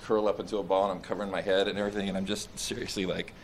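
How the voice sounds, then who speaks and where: A young man, a soldier in therapy, recounting combat in a halting, distressed way with many restarts and fillers; he sounds shaken and nauseous. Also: sits low, flat delivery, slight background noise.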